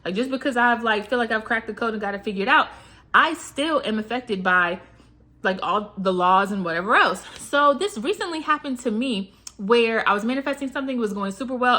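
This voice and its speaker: A woman with a voice pitched a bit higher than most talks straight to her viewers in a relaxed, chatty coaching tone. She leans on "like" and "you know" and keeps asking rhetorical questions. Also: fairly quick. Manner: asks many rhetorical questions. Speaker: manifestation coach. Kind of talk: casual talk to camera.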